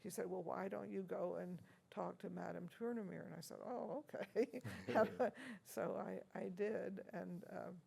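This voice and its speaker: A woman's voice: lowish voice, steady tone, unhurried, vocal fry, few pauses, dark tone, breathy edge. An older American woman being interviewed as an organist and teacher, telling stories in a chuckling, anecdotal way with many hesitant restarts. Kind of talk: reminiscing interview talk.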